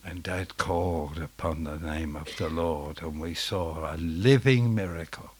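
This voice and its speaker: A man preaching a sermon as dramatic storytelling, dropping to a hush and then rising to loud outbursts. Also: low-pitched, measured pace, husky.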